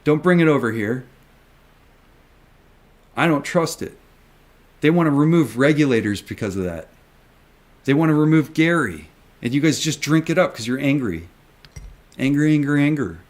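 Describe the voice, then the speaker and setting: A man who vlogs about his retail stock investing rants to viewers in an animated mid-range voice at normal speed, with frequent pauses. He's emphatic, repetitive and heavy on the swearing.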